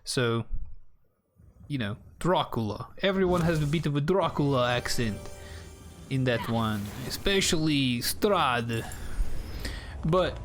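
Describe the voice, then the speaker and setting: A man's voice: mid-range voice, expressive, slow pace, long pauses, soft background music. A young man from South Carolina, chatting in a rambling way to his viewers while playing a game on a live stream. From South Carolina, United States.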